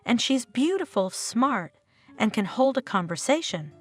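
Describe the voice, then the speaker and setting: A woman's voice: on the high side, sing-song, unhurried, husky, faint music behind, exaggerated voice. A woman reading the part of a pushy, meddling older mother who nags her son. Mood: insistent. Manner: insistent, nagging.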